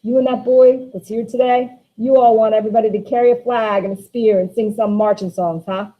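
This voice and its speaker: A woman's voice: on the high side, fairly even intonation, brisk, natural voice. A woman reading Walter, a bitter, impassioned young man. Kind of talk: dramatic play reading. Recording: dull lo-fi recording.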